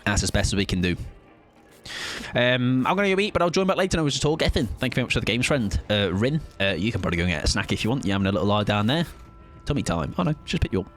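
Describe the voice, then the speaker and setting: Streamer, southern English man, chatty, lively pitch, faint music under. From southern England. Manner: chatty, self-deprecating, quick asides to chat. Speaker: gaming streamer. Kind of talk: casual live-stream chat.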